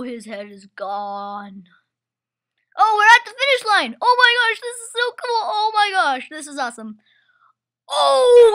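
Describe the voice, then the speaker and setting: A woman calls a home-made toy race with excitable, exclamation-heavy commentary. Her voice is very high and bright, with lively ups and downs, and she talks at an unhurried pace.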